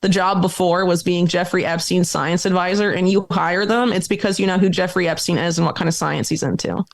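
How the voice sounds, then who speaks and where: A woman guest on a podcast, talking quickly and emphatically through a long, detailed explanation full of dates and names. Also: on the low side, fairly even intonation, vocal fry. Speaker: guest author and journalist.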